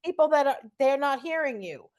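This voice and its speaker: A woman co-hosting a casual podcast talks with earnest empathy. Her voice sits a little high. She explains her point patiently. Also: animated, brisk, a crowd in the background. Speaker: podcast co-host. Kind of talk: casual chat.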